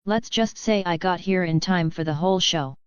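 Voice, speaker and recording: A woman reading the part of a confident, smirking young male warlock who speaks calmly and firmly. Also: on the low side, normal speed, clear, resonant tone, dry recording, lo-fi sound, natural voice. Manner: calm, firm, knowing.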